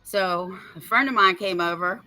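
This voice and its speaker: A woman in her fifties, a podcast host telling a story in a casual chat, animated, blunt and feisty, swearing freely. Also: mid-range voice, moderate pace. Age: 50s.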